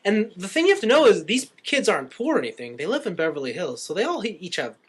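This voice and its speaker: This podcast co-host is a young man whose voice is high-pitched, quick and a bit rough. He breezily walks through a movie's plot, performing the characters' quotes like a lively storyteller.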